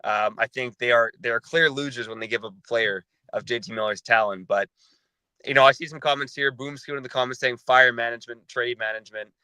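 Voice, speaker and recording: A man hosting a sports podcast, talking in a measured, analytical way. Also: medium pitch, bright, forceful tone, no room sound, poor audio. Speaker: podcast host.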